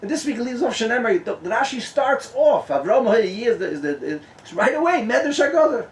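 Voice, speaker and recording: Animated rabbi in an echoey tent. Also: male voice, very high-pitched, quick pace, slight background noise. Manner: animated, switching between English and Hebrew and Yiddish terms, laughing often. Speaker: rabbi, guest speaker. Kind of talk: Torah talk at a gathering. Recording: echoey and distant room sound.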